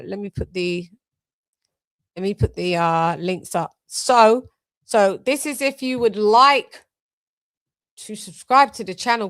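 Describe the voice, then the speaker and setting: Hosting a live stream for a boxing channel, a woman with a mid-range voice chats away, thanks members by name, and sings little bits of songs. The recording is dry.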